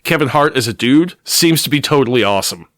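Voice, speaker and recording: A man's voice: mid-range voice, expressive, quick pace, fairly bright tone, dry recording, studio quality. A man co-hosting a casual podcast about comics, joking and making playful asides. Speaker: podcast co-host.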